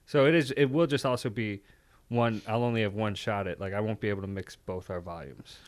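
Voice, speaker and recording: A man's voice: on the low side, a little fast. A young man co-hosting a comedy podcast, talking in a rambling, jokey way, often stopping and restarting his sentences. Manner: rambling, self-interrupting, jokey. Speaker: podcast co-host. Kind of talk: casual comedy chat. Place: small studio.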